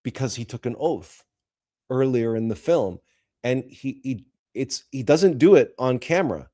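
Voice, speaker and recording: A man's voice: medium pitch, lively intonation, a little slow, mellow. A man hosting a spiritual talk show, speaking in an earnest, emotional monologue with frequent repeats and restarts. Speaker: host.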